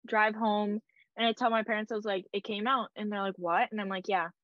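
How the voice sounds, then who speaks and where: A woman's voice: mid-range voice, steady tone, fairly quick, dry recording, dull audio. A young woman telling a personal story in a casual, emotional way, peppered with "like" and quoted dialogue. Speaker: guest.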